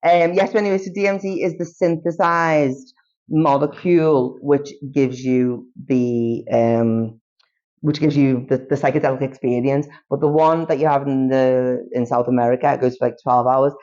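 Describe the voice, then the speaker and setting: A man's voice: mid-range voice, fairly even intonation, moderate pace, a little mellow. A man who is a guest on a podcast, chatting casually and rambling with lots of fillers and restarts. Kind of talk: casual chat. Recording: dull lo-fi recording.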